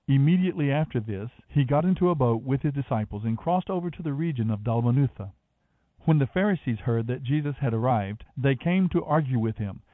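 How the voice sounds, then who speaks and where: Scripture reader, male, measured and expressive, narrow phone-like sound. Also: medium pitch, no echo. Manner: measured, expressive reading of dialogue. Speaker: Bible reader. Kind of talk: scripted Bible reading.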